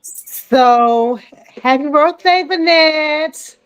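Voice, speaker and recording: A woman speaks in an easygoing, modest way and laughs often. Her voice sits a little high and stays friendly and unhurried. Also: muffled recording. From Detroit. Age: 50s. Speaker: guest. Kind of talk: casual chat.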